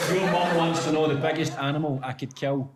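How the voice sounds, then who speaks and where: A man's voice: fairly high pitch, steady tone, moderate pace, noisy background. A Scottish man with a Glaswegian accent, a comedian guest in casual, laid-back comedic chat, laughing often. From Scotland.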